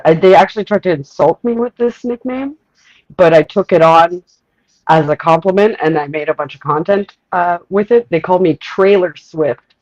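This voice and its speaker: A fairly high-voiced man with a Quebec accent chats candidly. The sound is dry and dull, like a lo-fi call. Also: moderate pace, darkish tone, dry recording. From Canada. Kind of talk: casual chat.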